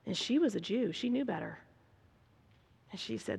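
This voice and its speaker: A woman preaching a sermon, dramatic and swinging between hushed whispers and loud emphasis. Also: mid-range voice, normal speed, vocal fry, slightly rough. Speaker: speaker preaching to a women's gathering. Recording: long reverb of a large hall.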